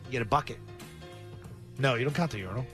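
A man's voice: medium pitch, fast talker, fairly bright tone, faint music behind. A man co-hosting a comedic sports talk show, joking and riffing.

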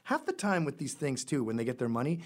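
A middle-aged man hosting a show, talking in a blunt, sarcastic and rambling way. His pitch swings widely, which keeps the monologue lively. His voice sits at an ordinary male pitch. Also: fast talker. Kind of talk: opinionated monologue.

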